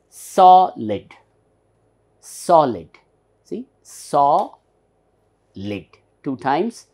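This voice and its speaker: A man's voice: fairly high pitch, slightly rough. A man teaching a pronunciation lesson, patiently spelling out and repeating words. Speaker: English teacher.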